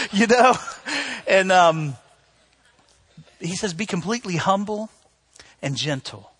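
A middle-aged male pastor delivering a sermon in a husky, slightly high voice. He tells stories, swings from loud bursts to soft, earnest lines, and keeps checking in with the congregation. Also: animated, slow pace. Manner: storytelling with sudden loud outbursts, then soft.

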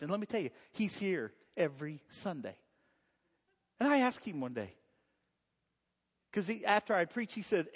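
A man's voice: high voice, sing-song, normal speed, pauses often, slightly rough, big-room sound. A male pastor preaching a sermon in a church, conversational and joking with the congregation. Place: church sanctuary.

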